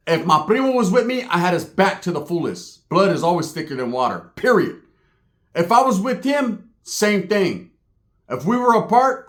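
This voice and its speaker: A man's voice: high voice, a bit bright. Streetwise man telling a story. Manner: streetwise, profane, laughing, acts out other voices. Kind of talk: casual storytelling monologue.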